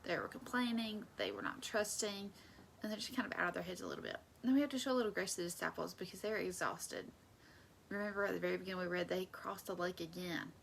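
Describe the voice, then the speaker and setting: A woman with a lowish voice and a gravelly fry teaches a Bible study in a relaxed, conversational way. She stresses key points and drops to soft, near-whispered asides. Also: fast talker, a little hiss or hum.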